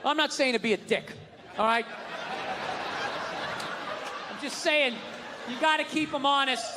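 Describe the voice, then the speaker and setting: Man ranting stand-up in a high voice. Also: a little slow. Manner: ranting, profane, shouting. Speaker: stand-up comedian. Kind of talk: stand-up comedy set. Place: live comedy venue stage. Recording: live stage mic with crowd noise. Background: audience laughter.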